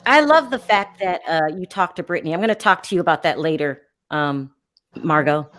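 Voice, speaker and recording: A woman hosting a live call-in chat show, talking in a chatty, somewhat halting way. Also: lowish voice, fairly bright tone. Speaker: host.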